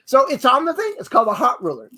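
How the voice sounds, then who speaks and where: His voice is very high and bright, swinging hugely in pitch at a quick, forceful clip. The costume designer and co-host exuberantly demos sewing tools, exclaiming throughout and repeating "fabulous" and "hello."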